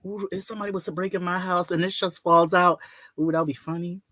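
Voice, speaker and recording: High-voiced chatty man hosting a live stream. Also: fast, no room sound. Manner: chatty, laughs often, lively. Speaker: host. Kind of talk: casual live-stream chat.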